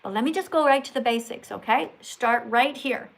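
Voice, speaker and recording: A woman's voice: fairly high pitch, normal speed, gravelly. A woman livestreaming, answering viewer messages in a preachy, scolding way and repeating key phrases for emphasis. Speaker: vegan activist livestreamer. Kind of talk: livestream chat answering super chats.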